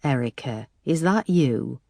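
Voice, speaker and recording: A woman voicing an older Yorkshire father, kind and a bit gruff, speaking gently and consolingly in an audiobook. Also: a bass voice, expressive, unhurried, no echo, studio quality, heavily acted. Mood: gentle.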